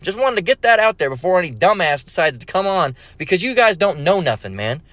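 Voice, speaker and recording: Guy ranting a sermon, cussing and mocking, highish voice, dead dry sound. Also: big pitch swings, fairly quick, fairly bright tone, no room sound. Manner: profane, mocking, scripture-quoting, repetitive stammering. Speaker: religious video preacher. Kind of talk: profane preaching rant.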